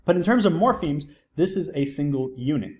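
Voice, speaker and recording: A man's voice: a little high, expressive, fairly quick, a little mellow. A man giving a recorded psychology lecture, explaining terms step by step and often posing a question and then answering it himself. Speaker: psychology instructor.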